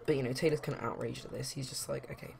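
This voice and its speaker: Give me a young woman casually narrating a life-sim game, rambling, with a gravelly low voice. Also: fairly even intonation, racing, darkish tone, slight background noise. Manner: chatty, rambling with fillers. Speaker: let's play host.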